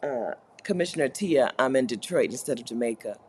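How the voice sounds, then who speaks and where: A woman's voice: a bass voice, lively intonation, brisk, a little mellow, a little hiss or hum. A woman hosting a live co-working stream, reading chat messages aloud and chatting playfully, with frequent laughter. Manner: chatty, laughs often, playful mock complaints. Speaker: livestream host reading chat. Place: Caribbean.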